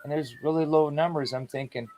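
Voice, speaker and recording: A man chatting on a livestream, telling animated stories in a loose, slangy way. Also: a little high, fairly quick. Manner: animated storytelling, conversational slang. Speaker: guest on a livestream. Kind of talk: casual chat.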